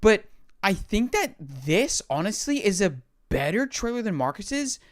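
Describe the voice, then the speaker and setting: On a live stream, a young male streamer reacts to game trailers in a smooth, clean, high-pitched voice with big swings in pitch and an unhurried pace. He rambles, keeps apologizing, and laughs at his own expense.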